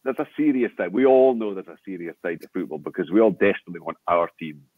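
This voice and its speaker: An older Scottish man, a veteran sports broadcaster, telling lively anecdotes in an interview with lots of restarts. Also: low-pitched, fast, dry recording. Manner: animated storyteller with frequent laughter and restarts. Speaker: guest, veteran radio sports presenter. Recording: tinny phone-like remote call.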